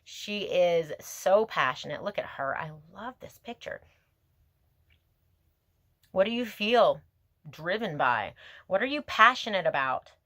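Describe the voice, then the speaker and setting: A woman giving a tarot reading to her viewers, talking in a gentle, emotive, spiritual way that wanders from thought to thought. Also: fairly low pitch, very animated, a little slow, long pauses, no room sound. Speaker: tarot reader.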